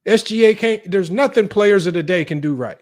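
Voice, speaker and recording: A man's voice: high voice, fairly quick, darkish tone. A man hosting a sports debate live stream, ranting in an exasperated, heated way to his viewers.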